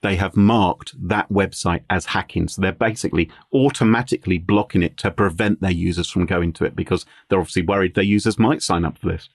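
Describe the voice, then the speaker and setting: A man co-hosting a casual podcast chat, animated and laughing between points. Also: low-pitched, brisk, few pauses, breathy edge, dry recording, clean studio sound. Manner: animated, chuckling asides. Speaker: guest co-host.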